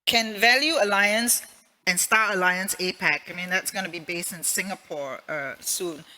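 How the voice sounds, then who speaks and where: A woman's voice: fairly low pitch, moderate pace, sharp tone, rough recording. A woman interviewing a guest on stage at a conference, asking long, conversational, rambling questions.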